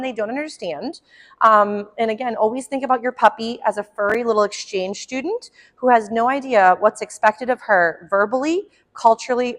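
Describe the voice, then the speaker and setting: A woman dog trainer explaining puppy training in a friendly way at home, with frequent ums and quick asides to the puppy. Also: on the high side, a bit bright. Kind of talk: instructional dog-training demo.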